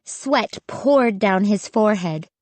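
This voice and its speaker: Slow, measured woman narrating a spooky audiobook. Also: medium pitch, expressive, darkish tone, dry recording.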